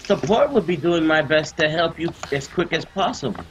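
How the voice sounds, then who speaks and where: A man's voice: on the high side, lively intonation, normal speed, muffled recording, background noise. A man on voice chat during a game run, teasing his friend and stubbornly arguing back. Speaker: gamer on voice chat. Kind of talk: casual gaming chat.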